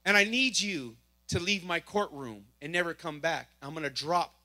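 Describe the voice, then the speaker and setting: A man giving a church testimony, telling his story with lively acted-out dialogue. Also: on the high side, moderate pace. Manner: animated storytelling, acting out dialogue. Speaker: testimony speaker.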